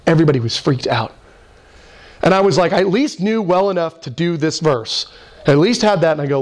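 A man delivering a lively sermon, his voice sitting high and leaping higher when he presses a point. He slips into quoted voices and back, keeping the preaching animated throughout. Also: brisk. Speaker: pastor.

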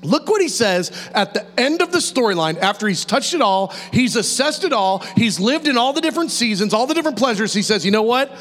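A man preaching a sermon in an animated, conversational way, with restarts and quick laughs. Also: very high-pitched. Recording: reverberant hall, faint mains hum.

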